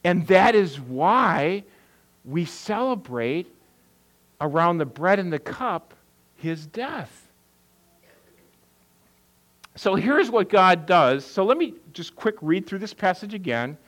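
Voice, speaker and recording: A man's voice: high voice, very animated, slow, long pauses, a bit bright, poor audio. A middle-aged man, a pastor, giving a conversational sermon, asking questions and answering them himself. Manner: conversational preaching, asks and answers his own questions.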